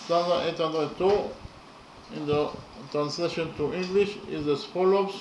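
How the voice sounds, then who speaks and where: A man explaining verse slowly and methodically, counting syllables and letters aloud with many pauses. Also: on the high side, steady tone, roomy sound, a little hiss or hum, rough recording. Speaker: poetry lecturer. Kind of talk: methodical spoken analysis of verse.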